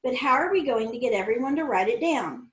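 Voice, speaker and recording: A woman voicing an excitable, eager young girl, speaking in an eager, breathless way. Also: fairly high pitch, fairly quick, close to an everyday voice. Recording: roomy echo.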